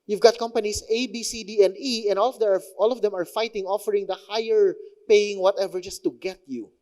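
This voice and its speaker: A man's voice: high-pitched, fairly even intonation, brisk, darkish tone. A young man with a Filipino accent preaching a sermon in a chatty, conversational way, mixing in local phrases. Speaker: pastor.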